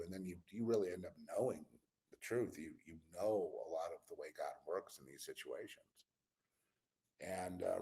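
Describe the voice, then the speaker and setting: A man hosting his own channel, delivering a rambling spiritual and political monologue with a weary, exasperated tone, drifting at times into low mutters and whispers. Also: darkish tone, breathy edge. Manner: meandering, musing, drops into low mutters and whispers. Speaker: channel host.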